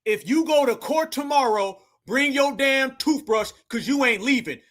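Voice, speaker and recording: Guy ranting commentary style, bright sharp voice, keeps calling everyone fam. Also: very high-pitched, moderate pace. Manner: fiery, preachy, addresses listeners as family. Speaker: commentary channel host. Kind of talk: reaction commentary.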